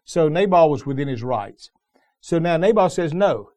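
A middle-aged male pastor delivers a sermon in a fairly high voice for a man. He talks in a loose, conversational way, often restarting his sentences as he tells a story. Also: animated, moderate pace, darkish tone.

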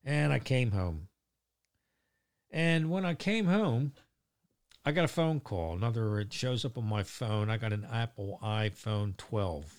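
A man's voice: on the low side, animated, unhurried. Chatty rambling middle-aged man. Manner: rambling, chatty, swears casually, lots of fillers. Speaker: vlogger. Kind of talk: casual storytelling monologue.

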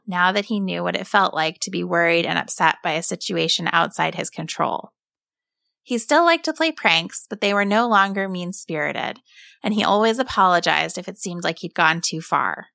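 A woman calmly and expressively narrating a children's story as a storyteller. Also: fairly low pitch, normal speed, gravelly, no room sound, clean studio sound. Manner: calm, expressive read-aloud.

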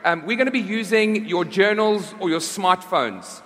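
A pastor with a high voice preaches to his congregation in an easy, conversational way. He often stops and restarts his phrases. His voice rings out with a long reverb through a large church hall. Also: moderate pace, fairly bright tone. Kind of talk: sermon. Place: church service.

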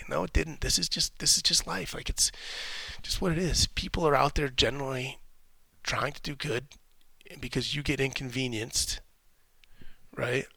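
Gravelly, bright-voiced man musing casually. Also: medium pitch, no echo. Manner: rambling, candid, curses casually. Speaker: podcast host; military veteran. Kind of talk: casual reflective podcast monologue.

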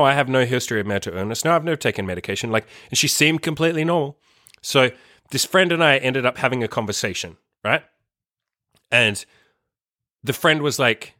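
A young man, the host, tells a long personal story in a bright, forceful voice of medium pitch. His delivery is casual, profane, and emphatic, packed with "like." The recording is dry, with clean studio sound.

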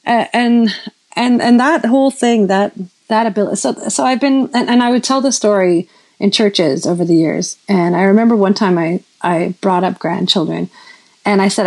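A woman's voice: medium pitch, moderate pace, a little mellow, rough recording. Rambling storytelling woman in her fifties. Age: 50s. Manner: rambling, self-correcting, frequent restarts and asides. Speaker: preacher. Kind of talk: sermon-style storytelling.

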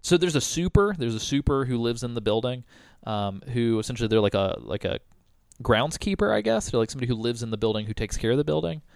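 A man's voice: medium pitch, lively intonation, fast talker, gravelly, clear, resonant tone, dry recording. A young man telling a story on a podcast, loose and rambling, full of filler words and casual swearing. His voice sits in an ordinary middle range. The recording is close and dry. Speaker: podcast host.

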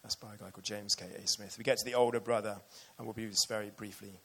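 A man's voice: on the low side, fairly even intonation, quick pace, a bit bright, slightly rough. A man preaching a sermon earnestly and with emotion, reading passages aloud to his church.

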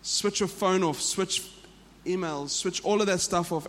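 South African pastor preaching in a reverberant hall. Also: male voice, high voice, measured pace, fairly bright tone. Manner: earnest, repeats and restarts phrases. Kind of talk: sermon. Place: church.

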